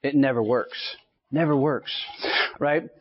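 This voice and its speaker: At a mid-range pitch and a somewhat slow pace, a late-thirties Texan sales speaker motivates a live crowd at an association meeting. He leans on punchy storytelling and often asks "right?" to check in. There's a bit of hiss or hum on this dull, lo-fi live recording.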